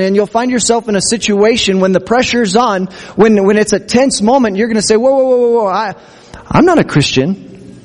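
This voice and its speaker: A man's voice: sits high, a little mellow, big-room sound. A man preaching a sermon as pastor, earnest, acting out quotes from scripture. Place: church.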